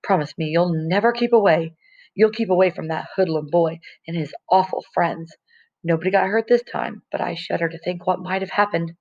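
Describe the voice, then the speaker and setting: A woman reading a novel aloud, voicing a soft, fussing, worried old grandmother, in a dull lo-fi recording. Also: fairly low pitch, normal speed. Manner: soft, fretting.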